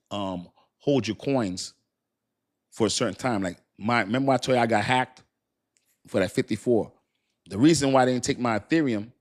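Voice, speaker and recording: Man, low voice, casual live stream talk, rambling and repetitive. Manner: chatty, repeats himself, thanks viewers warmly. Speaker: crypto live stream host.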